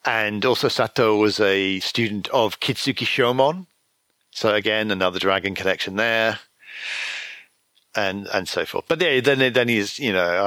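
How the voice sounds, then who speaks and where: A man's voice: lowish voice, unhurried, fairly bright tone, dry recording. A man co-hosting a podcast, chatting casually about a story and jumping into jokey character voices. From outside the US. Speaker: podcast co-host. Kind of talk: casual chat about fiction.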